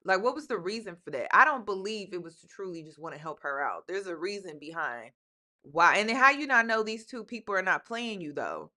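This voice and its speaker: A woman host giving casual commentary on a video, animated and emphatic, repeating lines for effect, with speech. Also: medium pitch, brisk.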